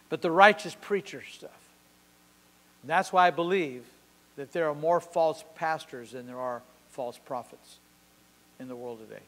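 A man's voice: a little high, fairly bright tone, long reverb tail, poor audio. A man preaching a sermon as pastor, driving his points home with short, emphatic, repeated declarations.

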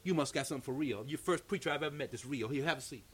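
A man voicing a grateful man won over at his door, who speaks low, hushed and earnest. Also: rapid-fire, husky. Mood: eager.

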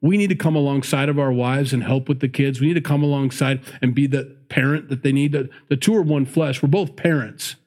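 He preaches briskly, barely pausing, in a steady, darkish mid-range voice. Between scripture verses he reads aloud, he breaks into chatty asides and corrects himself.

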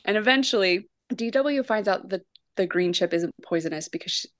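A young woman co-hosting a casual podcast, giggling often as she retells scenes in an animated way. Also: mid-range voice, fairly quick, no echo, clean studio sound. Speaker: podcast co-host.

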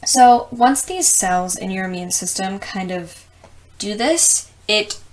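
A woman's voice: mid-range voice, animated, slow pace. A young woman from the US Midwest who explains science in a casual, chatty way, with lots of ums and plenty of swearing. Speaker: host.

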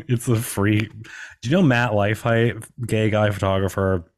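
Male podcast host, lower voice, loose rambly delivery, laughs and curses a lot. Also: fairly even intonation, measured pace. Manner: rambling, laughing, swears often, many "like" fillers. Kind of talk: casual chat.

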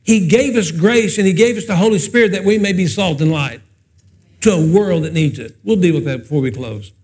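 A man's voice: high voice, expressive, brisk, darkish tone. A man preaching a sermon, telling humorous personal stories in a folksy, chatty way and asking the congregation questions. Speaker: pastor.

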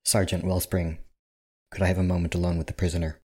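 A grave, formal dolphin soldier voiced by a man, speaking in a very deep, husky tone. He chooses his words with measured, earnest care, as in a spoken tabletop game. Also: flat delivery, dark tone. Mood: solemn.

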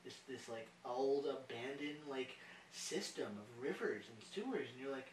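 A man's voice: mid-range voice, lively intonation, moderate pace, background noise. A man co-hosting a podcast in casual chat, telling a story with animation and acting out the other voices. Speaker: podcast co-host. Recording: echoey room, mic at a distance.

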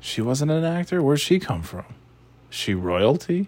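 A man's voice: on the high side, very animated, normal speed, darkish tone. A man hosting a casual chat, rambling and sarcastic, swearing freely.

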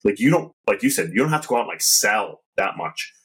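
A man's voice: lowish voice, very animated, fairly bright tone, husky, low-quality recording. A man hosting a podcast, a casual chatty talker who leans on "like" a lot. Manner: quick, chatty, lots of "like".

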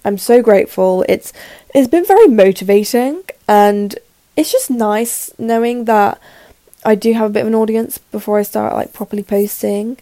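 An eighteen-year-old woman with a sore throat, rambling nervously and quickly in a casual solo podcast chat, with lots of fillers. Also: medium pitch, warm tone, dry recording. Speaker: podcast host. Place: her room in the evening.

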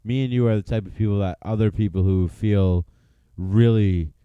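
A man's voice: on the low side, normal speed, smooth, no echo, phone-quality sound. A middle-aged man co-hosting a casual podcast chat, blunt and profane in a matter-of-fact way. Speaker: podcast co-host.

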